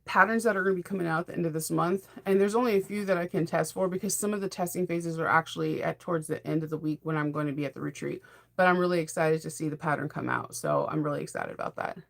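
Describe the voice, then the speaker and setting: A woman's voice: on the low side, fast, vocal fry. A middle-aged woman hosting a sewing channel, chatting casually in a rambling, enthusiastic way and laughing often. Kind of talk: casual chat.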